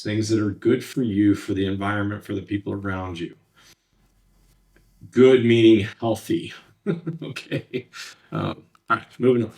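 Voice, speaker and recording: Recorded at a distance from the mic, a man with a lowish voice gives a slide-based lecture. He's a counselor, speaking plainly and conversationally with many fillers and restarts.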